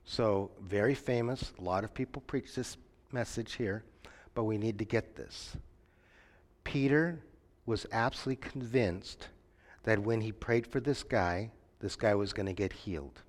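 A man's voice: on the low side, unhurried. A man preaching an interactive sermon. He questions his listeners, asks them to call out answers, and tells stories with acted-out voices. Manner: questions the audience and invites answers. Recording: long hall reverb.

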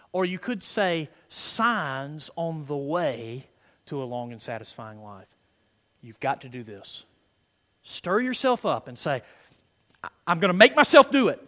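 A middle-aged man preaches a sermon in a high, bright, sharply edged voice that leaps around in pitch. He drops to soft, murmured prayer and then builds to loud, driving emphasis. His words ring out with a long hall reverb behind them. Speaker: pastor. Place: church sanctuary.

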